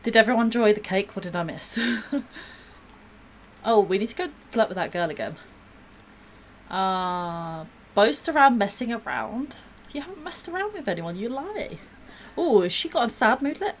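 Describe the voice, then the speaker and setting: A woman's voice: medium pitch, expressive, normal speed, a little hiss or hum. A woman gives bubbly, gushing live-stream commentary while she plays a game, gasping and laughing often.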